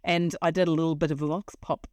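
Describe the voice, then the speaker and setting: A woman's voice: deep voice, little pitch movement, quick pace, a little mellow, no room sound, studio quality. A woman with a New Zealand accent hosting a travel podcast, bubbly and laughing a lot. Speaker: podcast host. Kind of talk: casual chat.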